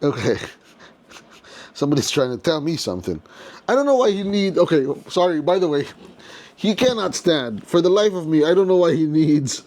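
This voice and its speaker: A man's voice: on the high side, darkish tone. Chatty man unboxing toys. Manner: chatty, playful, jokey. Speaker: toy collector host. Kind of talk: casual unboxing commentary.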